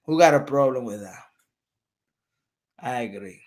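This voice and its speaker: Speaking a little slowly in a mid-range voice, this boxing channel host is casual and excited on his livestream. He trash-talks and laughs throughout.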